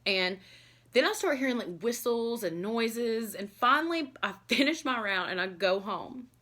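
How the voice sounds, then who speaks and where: A woman's voice: fairly high pitch, sharp tone. Rambling, confessional woman vlogger. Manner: rambling, filled with "like" and "you know"; earnest and confessional. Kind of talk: candid personal storytelling to camera.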